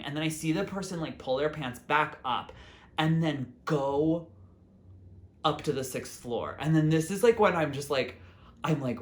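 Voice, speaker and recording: A man with a fairly high voice hosts his own vlog at a normal speed. He tells a story casually and ramblingly, packing it with "like" fillers and quoting his own thoughts.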